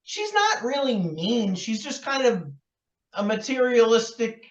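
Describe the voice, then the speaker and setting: A podcast co-host with a very high-pitched, wildly swooping and unhurried voice chats loosely about a film, full of fillers and laughter. The recording is roomy, distant and dull, with a lo-fi sound.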